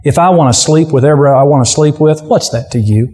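A man's voice: fairly high pitch, fast, mellow, in a large hall, natural voice. A preacher voicing a careless, defiant man who rejects responsibility for others. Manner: dismissive, defiant.

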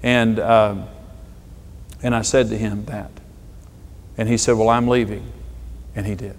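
A middle-aged man, a pastor, preaching a sermon with emphatic delivery and stories told with dramatic pauses. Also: lowish voice, level tone, slight background noise. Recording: long hall reverb.

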